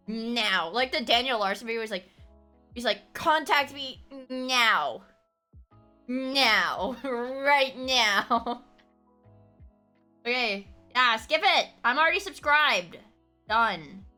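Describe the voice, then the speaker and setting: A woman streamer chatting casually with her viewers, laughing often and breaking into sudden shouts. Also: on the high side. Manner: animated, laughing, bursts into shouting. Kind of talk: casual chat.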